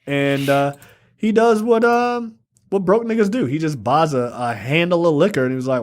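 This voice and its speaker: A man talks through a movie's plot on a casual review podcast, rambling from scene to scene and swearing freely. His voice sits a little higher than most men's. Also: expressive, normal speed. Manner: rambling profane plot recap. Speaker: podcast co-host. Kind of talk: casual film review chat.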